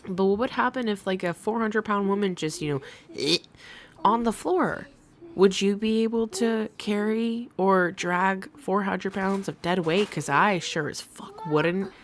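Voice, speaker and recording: Young woman streamer chatting and cussing, mid pitch, laughs a lot. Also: a little slow. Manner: chatty, swearing, laughing asides. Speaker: livestream host. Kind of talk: casual commentary stream.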